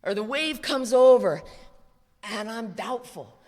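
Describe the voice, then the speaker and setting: Speaking slowly in a fairly high, somewhat mellow voice, an American recovery speaker addresses a convention live. She is blunt, profane and emphatic, and the large hall gives the recording an echo.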